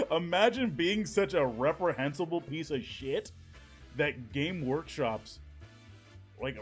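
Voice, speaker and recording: Lively, profane streamer man. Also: medium pitch. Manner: profane, joking, laughs often. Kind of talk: casual live-stream chat reacting to viewers. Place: home at evening.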